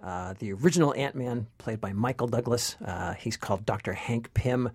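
A man co-hosting a casual movie chat as a film critic, playful and quick to laugh. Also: medium pitch, a little mellow, slightly rough, no echo, clean studio sound.

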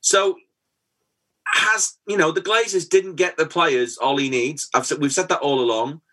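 A man's voice: a little high, fairly even intonation, a little slow, sharp tone. A man in his forties co-hosting a football podcast, telling stories and acting out dialogue. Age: 40s. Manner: anecdotal, acts out dialogue. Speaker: podcast co-host. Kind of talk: casual chat, football talk.

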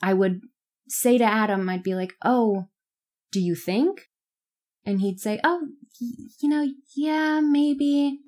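A woman recalling a friend in an animated way, acting out a conversation. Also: on the high side, slow pace. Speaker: interviewee, friend. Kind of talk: casual recollection.

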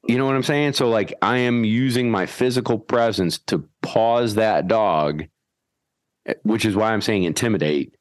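A man hosting a podcast and explaining dog training in a folksy, animated way, acting out his whistle commands. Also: lowish voice, moderate pace, no echo. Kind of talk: casual instructional chat.

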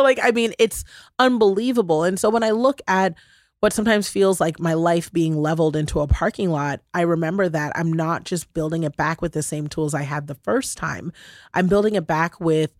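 A woman's voice: on the low side, moderate pace, dry recording, clean studio sound. A woman hosting a podcast, telling personal stories in a casual, heartfelt chat with lots of laughter. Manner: animated, laughing, gushing storyteller. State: briefly choked up. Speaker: podcast host.

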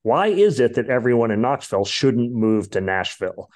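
A man's voice: medium pitch, big pitch swings, moderate pace, a little mellow. A man hosting a podcast, chatting casually about music in a rambling way with lots of fillers. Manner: rambling, many fillers and asides. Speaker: podcast host.

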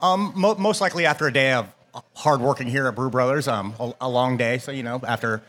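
A man's voice: medium pitch, brisk, a bit bright. A middle-aged man from Ohio, a restaurant chef answering interview questions with frequent ums and restarts. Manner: hesitant, lots of ums and restarts.

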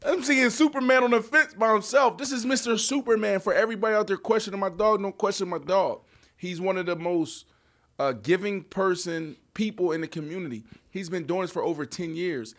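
A man with a high voice hosts a casual sports podcast. He talks in an animated, joking way and laughs often as he teases people. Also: brisk. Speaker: podcast host.

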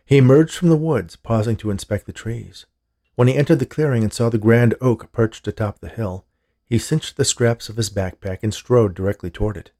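A man narrating a horror story in a measured storytelling manner. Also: medium pitch, mellow.

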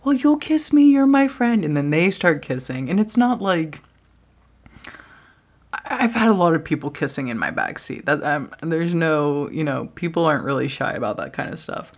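A woman's voice: low-pitched, lively intonation, moderate pace. A woman hosts her own podcast and tells stories in a loose, rambling monologue. She laughs often and swears freely as she goes. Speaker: podcast host. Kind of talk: casual storytelling monologue.

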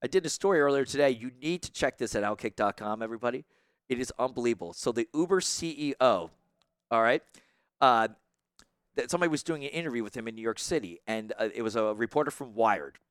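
A man's voice: mid-range voice, expressive, fast talker, clean tone. A man in casual sports talk, ranting animatedly as a guest columnist.

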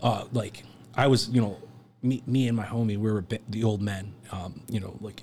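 Low-voiced man telling rambling stories. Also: fairly even intonation, brisk, darkish tone, slight background noise. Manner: rambling, heavy use of filler words; laughs while telling stories. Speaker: podcast guest. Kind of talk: casual storytelling.

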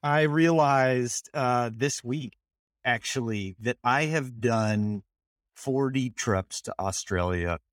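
A man co-hosting a podcast, speaking deliberately with wry humor. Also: mid-range voice, dry recording, studio quality. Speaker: podcast co-host. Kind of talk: casual podcast chat.

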